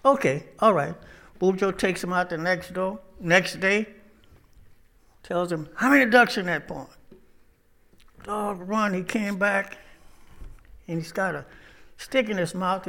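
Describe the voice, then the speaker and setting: A man preaching, his voice pitched high and bright. He drifts from folksy jokes into sermon talk with loose, casual grammar. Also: slow pace, long pauses.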